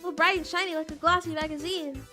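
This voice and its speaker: A woman's voice: high voice, steady tone, quick pace, sharp tone, faint music behind. A woman reading first-person narration as a dazed, overwhelmed teenage girl. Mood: wistful.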